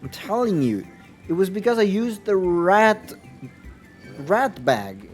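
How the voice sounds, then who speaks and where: A man's voice: sits high, big pitch swings, takes it slowly, long pauses, soft background music. A man streaming a game playthrough, chatting casually, swearing freely and breaking into silly bird-like squeals.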